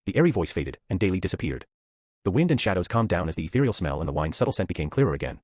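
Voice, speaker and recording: A man narrating a novel chapter summary in a brisk, lively storytelling manner. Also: sits low, no echo, clean studio sound.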